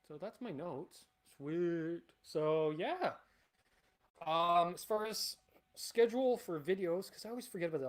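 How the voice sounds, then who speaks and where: A man in his forties with a somewhat high-set voice, hosting a relaxed livestream Q&A. He rambles from point to point, talks bluntly and swears freely. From Canada. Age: 40s. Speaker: channel host. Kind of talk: casual livestream Q&A.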